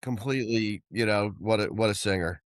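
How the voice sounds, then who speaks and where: A man's voice: lowish voice, brisk, no echo, studio quality. A middle-aged man co-hosting a podcast, chatting enthusiastically about rock singers with many restarts. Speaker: podcast co-host. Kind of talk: casual rock music chat.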